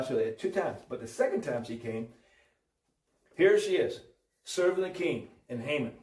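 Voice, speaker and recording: A man telling a Bible story in an informal preaching style, animated and full of restarts. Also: on the high side, fairly quick, far from the mic. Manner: animated, acts out voices, many restarts. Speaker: religious storyteller. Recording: roomy audio from off-mic.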